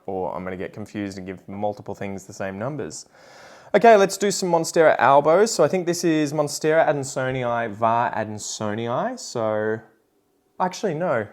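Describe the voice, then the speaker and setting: A middle-aged man with an Australian accent, hosting a casual vlog and talking in a loose, rambling way, often correcting himself. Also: mid-range voice. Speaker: host. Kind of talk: casual plant-selling vlog.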